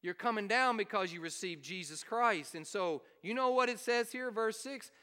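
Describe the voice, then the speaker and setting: A man preaching, his voice pitched very high and pushed out with forceful energy. His tone is smooth and resonant as he keeps firing questions at the congregation. The sermon rings through a church hall with a long reverb. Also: lively intonation, normal speed. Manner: emphatic, asks the congregation questions. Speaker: pastor.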